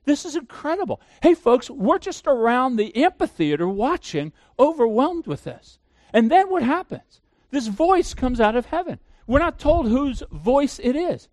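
A man's voice: very high-pitched, very animated, a little slow, a little mellow, no room sound, clean studio sound. A man preaching a sermon as pastor, emphatic, asking the listeners questions and answering them himself.

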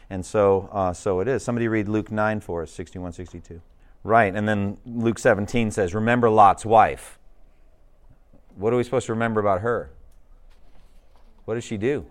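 A man teaching a Bible study class in a relaxed, conversational manner. His voice sits at an ordinary mid pitch, and he keeps asking the group questions.

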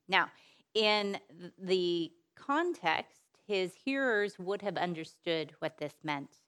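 A woman giving a sermon-style Bible talk in an earnest way, repeating phrases for emphasis, asking rhetorical questions and letting her sentences trail off softly. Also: medium pitch, expressive. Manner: unhurried, with soft trailing phrase endings. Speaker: speaker at a women's Bible teaching session.

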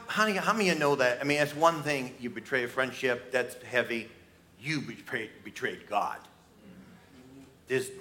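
A man preaching an Easter sermon, storytelling dramatically, acting out quoted voices, and swinging between loud outbursts and hushed asides. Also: mid-range voice. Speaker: pastor.

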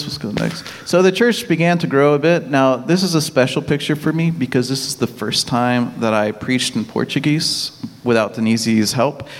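A missionary pastor from Texas, with a Texan accent and a mid-range voice, reports haltingly on his church work, restarting often and laughing easily. A long hall reverb surrounds the recording.

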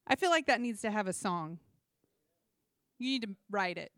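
A young adult woman preaching a sermon in a chatty, animated way, full of personal asides and humor. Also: mid-range voice, moderate pace, dry recording, clean studio sound. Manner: conversational and animated, with asides and self-deprecating humor.

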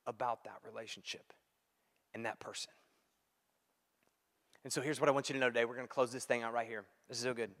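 A pastor preaching a sermon, acting out quoted dialogue and swinging between loud and hushed delivery. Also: male voice, medium pitch. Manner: animated, acts out quoted dialogue. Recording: long hall reverb.

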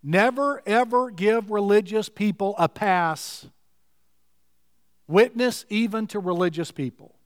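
High-voiced guy preaching a sermon, emphatic, dry close mic. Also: a little slow, clean tone, dry recording, in a large hall. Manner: emphatic, repeats key words for stress.

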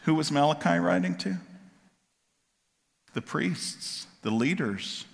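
Guy preaching a sermon, fairly high voice, gets loud and fired up then drops quiet, big echoey hall. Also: expressive, takes it slowly, vocal fry. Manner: swings from quiet asides to loud impassioned preaching. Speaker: pastor.

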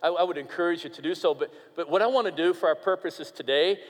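A man preaching a sermon as pastor, emphatic and animated, sometimes dropping to a quiet, earnest tone. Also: fairly high pitch, fast. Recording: long reverb of a large hall.

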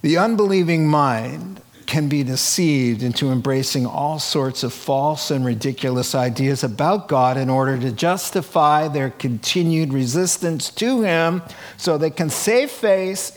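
Slow, high-voiced man preaching a sermon. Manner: chatty, asks rhetorical questions, frequent "right?". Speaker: pastor. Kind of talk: conversational sermon. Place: church before a live congregation.

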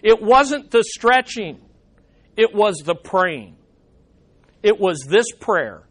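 A male pastor preaching a sermon with passion, swinging between loud emphasis and hushed drops, asking the congregation questions and adding playful asides. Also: sits high, animated, takes it slowly.

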